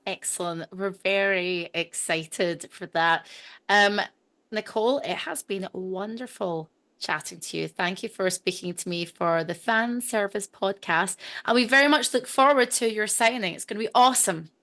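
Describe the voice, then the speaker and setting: Woman, podcast host, casual interview, enthusiastic reactions, mid pitch. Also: normal speed, bright, forceful tone.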